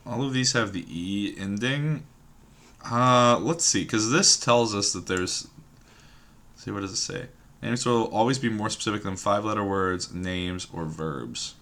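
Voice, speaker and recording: A man's voice: on the low side, unhurried, a bit bright. A man thinking aloud while solving a word puzzle at his computer, musing and hesitant, trailing off and repeating words to himself. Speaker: puzzle game streamer.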